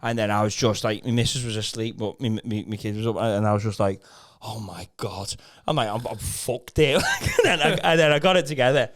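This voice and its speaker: A man's voice: on the low side, fast talker, few pauses, a bit bright. A man chatting on a podcast, teasing his friends and rambling through stories with many restarts. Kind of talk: casual banter.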